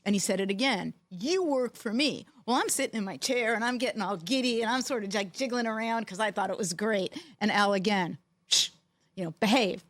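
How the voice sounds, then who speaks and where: A middle-aged woman co-hosts a podcast and spins animated anecdotes, slipping into quoted voices as she goes. She sits at an ordinary pitch for a woman, recorded close and dry with no room sound. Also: fast talker, few pauses, no echo. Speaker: podcast co-host, former team executive. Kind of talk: storytelling in casual chat.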